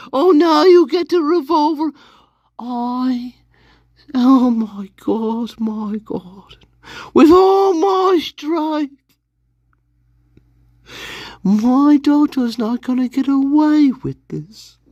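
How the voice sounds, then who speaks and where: A woman puts on a shrill, enraged abducted mother who curses and rants from her tomb in a comedic impression. The voice sits high and drawls slowly. The sound is dry and close. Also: dry recording. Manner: furious, profane shouting rant.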